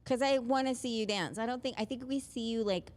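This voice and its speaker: A woman's voice: fairly high pitch, brisk. A woman hosting a live talk show, playful and teasing, laughing often in casual chat.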